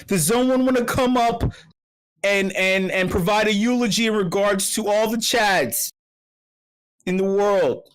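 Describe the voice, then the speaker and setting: A man's voice: high-pitched, a little slow, clear, resonant tone. A man hosting an online meetup, rambling through profane comic rants full of restarts and repeated words. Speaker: meetup host. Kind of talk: casual livestream chat.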